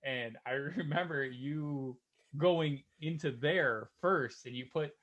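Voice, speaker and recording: A man's voice: fairly high pitch, slow, fairly bright tone, muffled recording. A man with a Detroit accent hosting a podcast, telling a story in casual profane chat and laughing through it. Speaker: podcast host. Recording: noticeable background noise.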